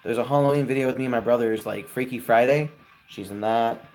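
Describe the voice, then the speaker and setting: A man's voice: mid-range voice, fairly quick. Chatty young man on a live stream. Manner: chatty, relaxed, giving friendly advice. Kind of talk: casual live stream chat answering viewers.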